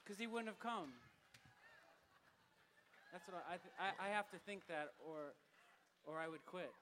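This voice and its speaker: A man leading a band and emceeing a live gig, bantering in a loud, rambling, self-deprecating way through a stage microphone. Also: high voice, moderate pace, slight background noise. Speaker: bandleader and emcee. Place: live music venue on stage.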